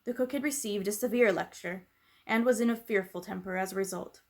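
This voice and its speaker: Brief: woman storyteller, gentle storybook reading, mid-pitched, calm pace. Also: brisk. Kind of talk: reading a children's book aloud.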